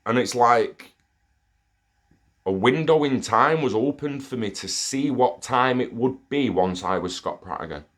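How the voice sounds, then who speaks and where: In a medium-pitched voice, a little slow, a young man shares a meandering story from his own experience. The monologue is casual, full of profanity, and excitable.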